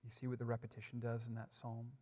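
A man's voice: medium pitch, completely flat delivery, fast talker. Emphatic male preacher in a reverberant hall. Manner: emphatic, dropping to soft, hushed lines. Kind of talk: sermon.

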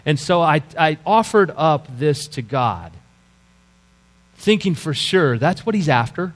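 A middle-aged man, a pastor, telling his conversion story in an earnest sermon, often dropping to a quiet, low voice. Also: animated, a little slow. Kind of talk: sermon testimony. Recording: echoey hall with mains hum.

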